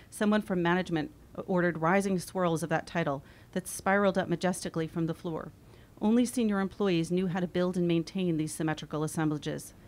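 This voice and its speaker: A woman in her forties reading her own memoir aloud, wry and expressive. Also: lowish voice. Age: 40s. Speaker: author.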